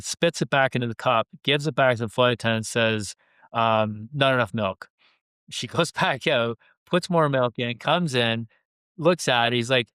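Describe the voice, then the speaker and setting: A man's voice: medium pitch, a bit bright, smooth, no room sound. A man, an airline pilot and leadership coach, animatedly telling a workplace story with quoted dialogue on a podcast. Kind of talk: conversational storytelling.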